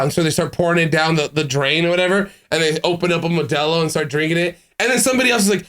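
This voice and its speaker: A man's voice: fairly high pitch, fast talker, few pauses, a bit bright. A young adult man from California, co-hosting a podcast, joking, laughing and chiming in often. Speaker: podcast co-host. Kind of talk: casual podcast banter.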